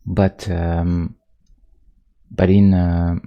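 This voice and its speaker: A man streaming his pixel art, chatting casually about movies in a rambling, halting way full of restarts that turns animated. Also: deep voice, gravelly, lo-fi sound. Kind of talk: casual chat while drawing on stream.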